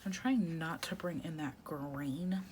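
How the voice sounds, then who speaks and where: A woman in her thirties chatting casually while she works on her journal, talking softly and often half-whispering, rambling with lots of "like". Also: low voice, a little slow. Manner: rambling with many "like" fillers. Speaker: planner vlogger. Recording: steady background noise.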